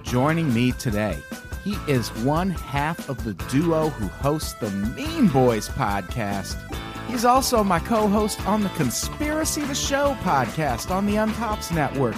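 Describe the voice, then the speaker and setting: A man's voice: a little high, big pitch swings, measured pace, over music. A man hosting his own podcast, reading plugs wryly and introducing guests in casual banter. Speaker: podcast host.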